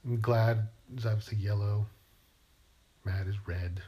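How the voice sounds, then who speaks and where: A man's voice: lowish voice, fairly even intonation, a little slow, lo-fi sound. Guy rambling on about happiness, playful and musing, lots of questions. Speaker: writer. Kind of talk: rambling philosophical monologue.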